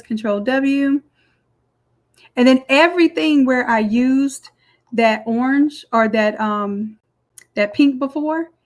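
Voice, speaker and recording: A woman walking through a design software tutorial step by step in a chatty, explaining way. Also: fairly high pitch. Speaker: design instructor. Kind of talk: screen-recorded software tutorial.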